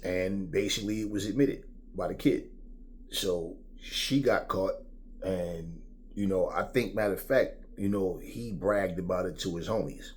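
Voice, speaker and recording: A man's voice: low voice, unhurried, a little hiss or hum. Middle aged dude ranting on his vlog, cussing a lot, kinda all over the place. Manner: profane, rambling, animated, slips into impressions. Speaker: vlog host. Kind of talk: opinionated rant.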